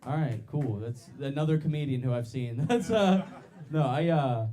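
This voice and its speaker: A young man doing a stand-up comedy set on a club stage, loud and laughing as he works the crowd. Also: medium pitch, animated, moderate pace.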